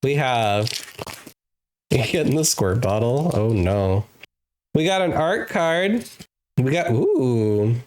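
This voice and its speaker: Playful streamer with a lively voice. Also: female voice, a bass voice. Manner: playful, giggly, drawn-out teasing repetitions. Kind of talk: casual live-stream chat while gaming.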